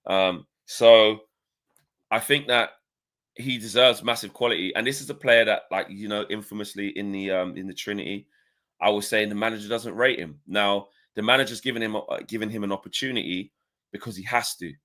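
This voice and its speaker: A man talking football in a loose, rambling way, forever tossing in "you know" and "do you know what I mean". His voice sits a little low, and he chats from home on a video call. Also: a little fast, a bit bright. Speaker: football podcast co-host. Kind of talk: casual football chat.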